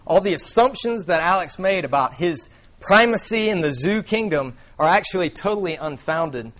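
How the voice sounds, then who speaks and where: A young man preaches in a church, talking loosely and conversationally. His voice sits a little high for a man. He fills his sentences with easy fillers and restarts. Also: lively intonation, moderate pace, a bit bright. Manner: casual, conversational, many fillers. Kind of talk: sermon. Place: church before a congregation.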